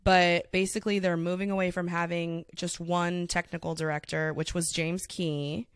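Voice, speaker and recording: A woman's voice: lowish voice, level tone, clean tone, no echo, studio quality. A young woman co-hosting a podcast, chatting casually and peppering her talk with "like.". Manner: chatty, fillers of "like", quick laughs. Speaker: podcast co-host. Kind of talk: casual chat.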